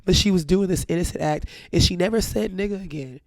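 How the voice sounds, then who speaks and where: Brief: outspoken woman co-host, casual storytelling, gravelly texture. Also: fairly low pitch, fast, dry recording, clean studio sound. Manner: animated, blunt, swears freely.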